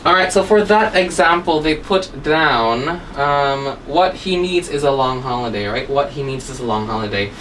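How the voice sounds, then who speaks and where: A woman's voice: very deep voice, animated, moderate pace, few pauses. A woman English teacher explains grammar in a lesson and ends many lines with "right?" or "okay?". She sits some way from the mic. A faint hiss runs under her voice. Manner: tags sentences with "right?" and "okay?". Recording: distant mic with faint background noise.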